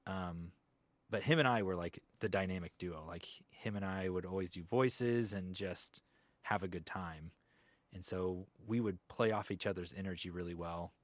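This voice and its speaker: A man's voice: sits low, normal speed, no room sound. A man, a voice actor, talking reflectively in a casual interview, rambling with lots of fillers. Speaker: guest voice actor.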